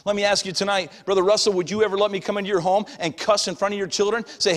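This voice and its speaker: A middle-aged male pastor preaching a sermon, moving between shouted passages and hushed asides, recorded in a church sanctuary. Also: high voice, fairly even intonation, racing, few pauses. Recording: long church hall reverb.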